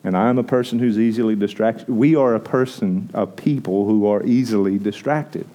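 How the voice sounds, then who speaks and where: A man's voice: lowish voice, moderate pace, warm tone. A man preaching a conversational sermon as a pastor, often restarting his phrases.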